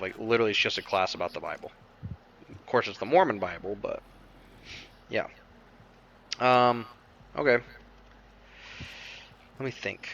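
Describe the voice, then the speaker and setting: A man's voice: lowish voice, gravelly, fairly bright tone, highs cut off, a little hiss or hum. A man co-hosting a casual chat, laid-back, asking questions and swearing casually. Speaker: podcast co-host.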